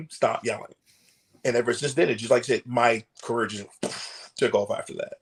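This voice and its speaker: A man's voice: mid-range voice, moderate pace, breathy edge. A man, a professional wrestler, telling stories in a casual podcast interview, laughing often and acting out quotes with casual swearing. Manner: animated storyteller, laughs often, acts out quotes.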